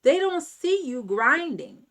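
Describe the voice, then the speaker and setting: A woman hosting a self-help channel delivers a motivational talk in a fairly high voice. She takes her time, hammering each point home through repetition in an emphatic, preaching manner. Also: sing-song, takes it slowly, fairly bright tone. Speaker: channel host.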